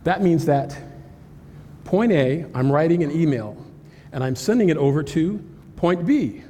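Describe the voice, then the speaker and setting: A man giving an animated, joking cybersecurity presentation at a live conference, talking straight to the audience. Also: a little high, a little slow. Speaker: cybersecurity speaker. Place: conference hall. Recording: hall reverb with faint ambience.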